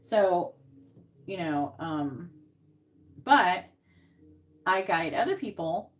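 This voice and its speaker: A woman's voice: lowish voice, animated, very slow. A woman giving psychic readings on a live stream, talking casually and rambling with many restarts, into earbuds.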